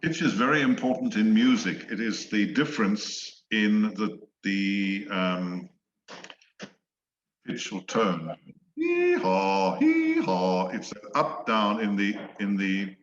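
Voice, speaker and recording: Slow, patient male English tutor. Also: on the low side, a bit bright. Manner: slow, patient, demonstrates voices. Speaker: English teacher. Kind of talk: online one-on-one lesson. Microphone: video call. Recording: echoey, dull video-call audio.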